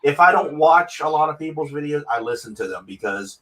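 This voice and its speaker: A man hosts a casual interview over a video call, his voice fairly high, animated, a little fast and fairly bright. His talk is loose and rambling, with repeated words and a fondness for slipping into impressions.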